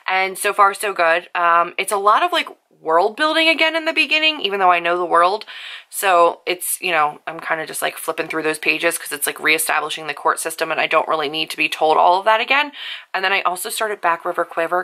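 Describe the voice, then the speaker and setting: A young woman chatting casually in a book vlog from her bedroom, gushing and animated with quick asides. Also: fairly low pitch. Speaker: book vlogger. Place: bedroom at home.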